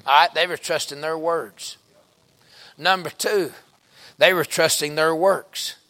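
Male preacher, high voice, hushed-to-shouting sermon delivery. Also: steady tone, takes it slowly. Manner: swings from hushed to shouting, folksy.

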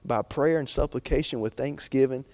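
A man's voice: medium pitch, normal speed, a little mellow, no room sound. A young man preaching an informal sermon in a chatty, rambling way, full of fillers and restarts.

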